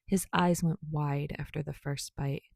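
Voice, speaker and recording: Brief: low-voiced woman narrator, gravelly, steady reading pace. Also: a little slow, dry recording, studio quality. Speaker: podfic reader. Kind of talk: scripted narration of fan fiction.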